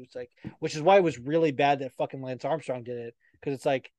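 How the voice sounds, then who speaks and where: A fast-talking young podcast host with a medium-pitched voice barely pauses as he chats casually and tells stories heavy with profanity. His storytelling is animated, and there's no echo.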